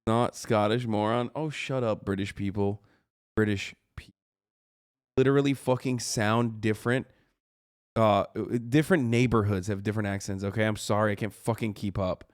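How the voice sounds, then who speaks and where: A male streamer reacting live, blunt and profane, with a heavy dose of sarcasm. His voice is smooth and clear, recorded dry and close. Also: on the low side, steady tone, moderate pace, no echo. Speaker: streamer host.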